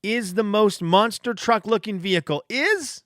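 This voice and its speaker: A man hosting his own podcast, telling stories in a casual, animated, self-deprecating way. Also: high voice, measured pace, no room sound, studio quality. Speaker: podcast host. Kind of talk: casual storytelling monologue.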